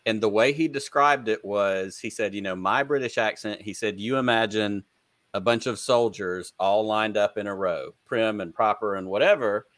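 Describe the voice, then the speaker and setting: A man's voice: fairly low pitch, normal speed, a bit bright, no room sound. Enthusiastic man hosting, dry close sound. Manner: enthusiastic, rambling storyteller. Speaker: podcast host. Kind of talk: casual interview chat.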